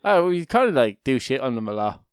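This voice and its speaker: A man's voice: medium pitch, very animated, a little fast, clean tone, dry recording. Rambling, jokey man. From Ireland. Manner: rambling, jokey, laughs between lines. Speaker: podcast co-host. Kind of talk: casual chat.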